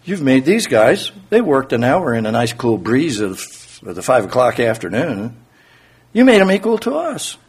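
A man voicing a resentful male laborer who worked all day, complaining indignantly in a husky voice. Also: mid-range voice, big pitch swings, normal speed.

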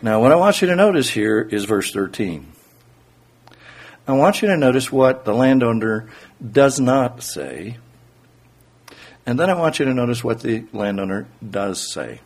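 Husky guy preaching, chatty, voice goes all over the place. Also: mid-range voice, lively intonation, unhurried, pauses often. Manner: conversational, uses rhetorical questions. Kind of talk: sermon.

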